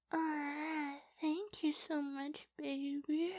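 A woman in a whispered role-play as a girlfriend, giggly and teasing, speaking softly into a close mic. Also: high-pitched, no echo. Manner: giggly, teasing, soft-spoken.

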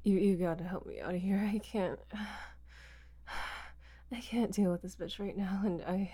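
A woman's voice: mid-range voice, fairly even intonation, measured pace, mellow, breathy edge, voice pushed down. A woman voicing a frightened, drugged young captive who pleads and swears in panic. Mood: pleading.

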